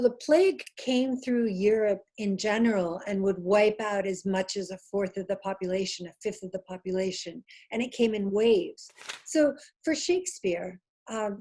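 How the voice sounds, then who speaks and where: A woman professor explaining a play in an interview over a video call, in a lively manner with frequent restarts. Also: on the high side, a little hiss or hum, low-quality recording. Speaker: Shakespeare professor.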